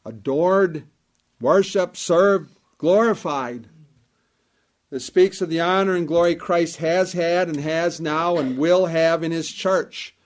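A man delivers a sermon in a measured, emphatic cadence, his voice sitting a little higher than most men's. He returns to key phrases again and again, weighing each one. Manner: measured, emphatic preaching with repetition. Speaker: preacher.

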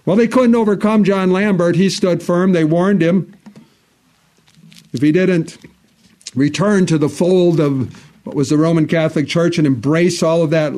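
A man preaching a sermon in a church, earnest, his voice swelling on key phrases and dropping low and slow for solemn parts. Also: steady tone, darkish tone. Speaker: pastor.

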